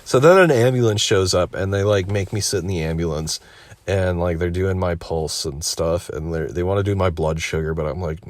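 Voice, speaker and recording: Laid-back young man, lowish, rambling. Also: moderate pace, no echo. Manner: rambling, laid-back, swears a lot, full of "like" fillers. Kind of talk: casual storytelling.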